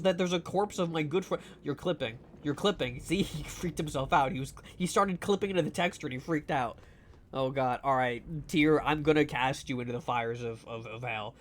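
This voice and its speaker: A man streaming a game live, chatting casually in a rambling, profane, teasing way full of fillers. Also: a little high. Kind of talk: casual live gameplay chat.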